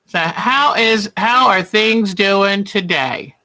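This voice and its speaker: Woman hosting a live quilting show, unhurried and chatty, bright tone, sweet-talks viewers. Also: mid-range voice. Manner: chatty, affectionate, calls viewers honey and hon. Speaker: quilting livestream host. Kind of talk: casual livestream chat while quilting.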